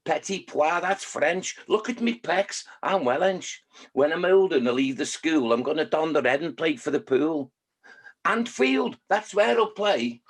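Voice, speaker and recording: A man's voice: a little high, lively intonation, unhurried, slightly rough, full character voice. Tiny tough-guy ant from Liverpool, boastful and itching for a scrap, put on by a man reading poems. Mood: cocky, aggressive. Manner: boastful, picking a fight. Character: small angry tough male ant.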